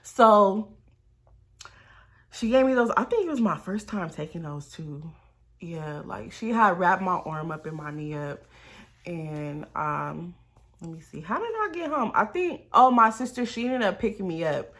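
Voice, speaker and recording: A woman's voice: on the low side, a little slow. A young woman, telling a storytime vlog in a loose, swearing, talk-to-the-viewers way. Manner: lively, talks straight to viewers, swears freely. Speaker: vlogger. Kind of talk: casual storytime.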